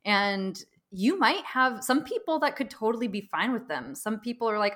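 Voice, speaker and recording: A woman's voice: a little high, big pitch swings, moderate pace, hardly any pauses, fairly bright tone. Woman explaining points in casual chat. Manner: explanatory, ends points with "right?". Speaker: podcast co-host.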